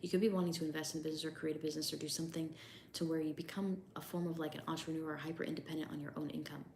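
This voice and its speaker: A woman with a low, gravelly voice gives a casual tarot reading, often hedging with "I don't know" as she shares what she is sensing. She reads number meanings aloud from a tablet, over a faint ambient hum. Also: flat delivery, rapid-fire, a little mellow. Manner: hedging, repeats "I don't know" and "I'm getting that vibe". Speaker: tarot reader.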